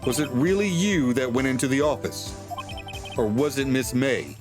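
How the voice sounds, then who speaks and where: A man's voice: mid-range voice, expressive, moderate pace, over music. A man voicing an older purple monster puppet who is emotional and easily flustered, giving casual commentary as he plays a game and reads its text aloud. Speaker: let's play host.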